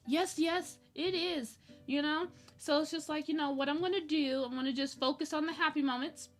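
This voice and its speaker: High bright giggly woman streamer. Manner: chatty, laughs often, nervous giggly energy. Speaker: art livestreamer. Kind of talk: casual chat while drawing.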